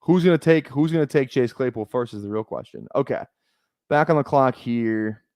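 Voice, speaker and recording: A man's voice: mid-range voice, normal speed, darkish tone, dry recording, studio quality. A young man streaming live, chatting casually and thinking aloud as he talks. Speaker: fantasy football streamer.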